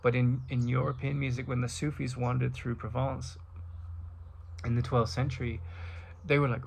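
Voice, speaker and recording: Gravelly middle-aged man musing aloud. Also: medium pitch, little pitch movement, normal speed, pauses often, slight background noise. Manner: rambling, with many restarts and asides. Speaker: spiritual talk host. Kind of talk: reflective monologue.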